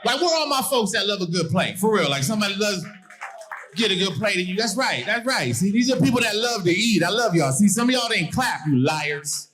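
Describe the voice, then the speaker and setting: A man's voice: sits high, brisk, a little hiss or hum. Middle-aged Hawaiian-born man doing stand-up. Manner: animated, shouts punchlines. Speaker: stand-up comedian. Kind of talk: stand-up routine. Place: comedy stage before a live audience. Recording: live show with loud crowd.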